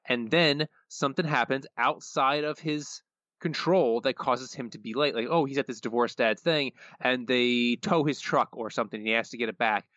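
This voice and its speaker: A man's voice: medium pitch, moderate pace, a bit bright, no room sound. Methodical male co-host, slightly muffled. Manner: methodical, prescriptive critique. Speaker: podcast co-host. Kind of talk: casual podcast episode critique.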